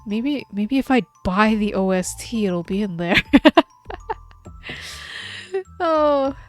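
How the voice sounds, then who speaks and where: A woman's voice: medium pitch, lively intonation, slow, no echo, faint music behind. A woman streaming a game, chatting casually and reading its dialogue aloud, often trailing off and restarting her sentences.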